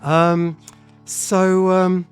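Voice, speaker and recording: A man teaching a piano piece in a relaxed tutorial, talking thoughtfully and often restarting his sentences. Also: high-pitched, extremely slow. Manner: thoughtful, hesitant, repeats words when starting. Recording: piano playing in the background. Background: piano played between remarks.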